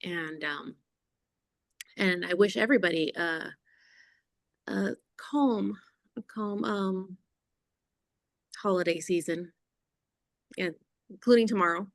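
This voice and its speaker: A woman on a caregiving panel, speaking warmly and hesitantly, repeating words as she searches for them. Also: on the low side, takes it slowly, gravelly, long pauses, no room sound, studio quality. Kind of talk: supportive webinar conversation.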